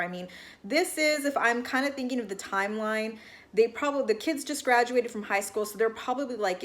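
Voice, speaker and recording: A woman giving a casual recap of a reality TV episode, chatty and full of "like", with exasperated asides. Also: medium pitch. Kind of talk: casual reaction commentary.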